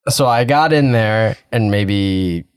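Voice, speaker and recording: A man's voice: lowish voice, takes it slowly, smooth, no echo, clean studio sound. A young man in casual chat, telling an embarrassing story step by step in a laid-back way. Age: young adult.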